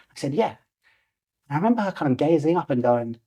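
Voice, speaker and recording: Man, forties, podcast guest, animated storyteller, acts out voices. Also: mid-range voice, quick pace, slightly rough. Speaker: podcast guest, lucid dreaming teacher.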